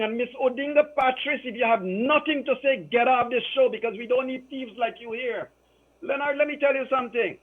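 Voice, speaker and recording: A man speaks with real emotion, stacking repeated phrases as he drives each point home. His voice sits high for a man. It comes through a thin, tinny phone line. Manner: emphatic, repeats phrases for emphasis. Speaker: political commentator. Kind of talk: impassioned political talk.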